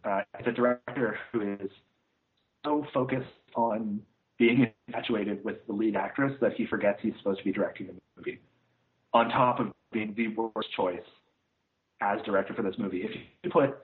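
Speaking at a moderate pace in a lowish voice, a man on a casual podcast gives a scathing, meandering film review, filled with "uh" and "like." It's casual chat as co-host, and the audio has a tinny, phone-like quality.

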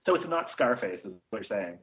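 A man's voice: lowish voice, very animated, fast, very noisy. A man co-hosting a casual podcast, giving a rambling, scathing film review full of "uh" and "like". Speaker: podcast co-host reviewing films. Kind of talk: casual chat. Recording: tinny phone-like line.

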